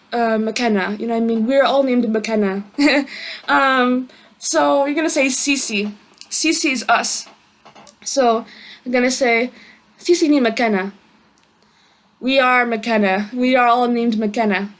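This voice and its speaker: A woman giving a casual online language lesson, chatty, with many fillers and friendly asides. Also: a little high. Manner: chatty, many fillers and "you know what I mean". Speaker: language teacher.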